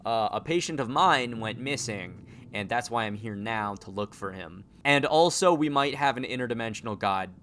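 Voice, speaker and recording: A man's voice: mid-range voice, lively intonation, normal speed, few pauses, fairly bright tone, slight background noise. A man doing casual, jokey let's-play commentary on a horror game, breaking into self-interrupting asides. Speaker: gaming channel host.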